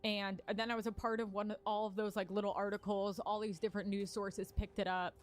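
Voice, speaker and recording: A woman's voice: medium pitch, level tone, fairly quick. Rambling woman telling a candid story. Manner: rambling, lots of "like" fillers and swearing. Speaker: stand-up comedian. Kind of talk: casual personal storytelling.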